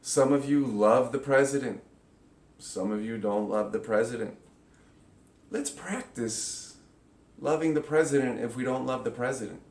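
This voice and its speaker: A man in a middling voice gives a relaxed spiritual lesson, now and then jumping into loud, high-pitched outbursts as he acts out voices. The room echoes around him. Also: measured pace, vocal fry. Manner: animated, acts out inner voices with sudden loud high bursts. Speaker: spiritual workshop teacher. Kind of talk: casual spiritual teaching talk.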